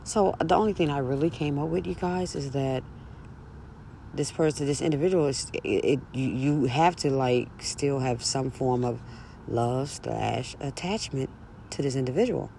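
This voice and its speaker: A woman's voice: very deep voice, moderate pace, gravelly, warm tone, a little hiss or hum. A woman vlogger ranting bluntly and profanely outdoors in a breeze, hammering her points with repetition. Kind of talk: casual ranting monologue.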